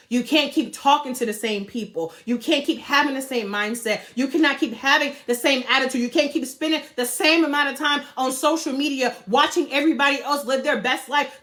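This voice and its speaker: High-voiced, fired-up woman vlogger. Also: fairly bright tone. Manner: fired-up, preachy, talks straight at viewers, swears freely. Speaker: travel and money vlogger. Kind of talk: motivational talk to camera.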